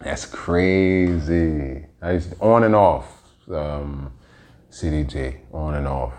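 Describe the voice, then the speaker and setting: A man's voice: extremely low pitch, expressive, unhurried, darkish tone. A man hosting his own podcast, telling stories in a rambling, slangy, heavily profane monologue. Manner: rambling, slangy, heavy swearing. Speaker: podcast host.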